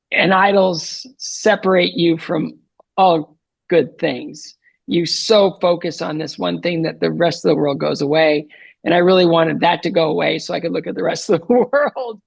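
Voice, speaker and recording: Earnest man telling his story, gravelly. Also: a little high, dry recording. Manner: earnest, animated retelling with frequent fillers. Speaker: podcast guest. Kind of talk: storytelling interview answer.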